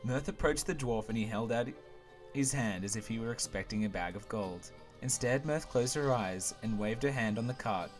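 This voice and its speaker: Brief: playful male host narrating a game, very lively intonation, soft music bed. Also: medium pitch. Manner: bouncy, jokey, voices every character. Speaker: host and reader of a visual novel playthrough. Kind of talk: playful narration, reading aloud.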